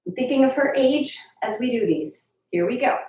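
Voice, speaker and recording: Ballet teacher in an echoey studio. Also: female voice, high voice, expressive, normal speed, a little mellow. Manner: chatty, encouraging, counts and calls steps aloud. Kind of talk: live online dance class instruction. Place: dance studio, large room. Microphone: far camera mic. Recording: echoey room, far from the mic. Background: piano class music playing.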